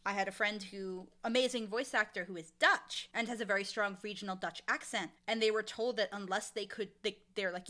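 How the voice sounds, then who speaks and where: A woman with a bright, clear-edged voice, chatting casually as an interview guest. She speaks frankly and with emphasis, giving firm opinions from her casting work. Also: mid-range voice, normal speed, hardly any pauses. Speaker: casting director and audio drama creator.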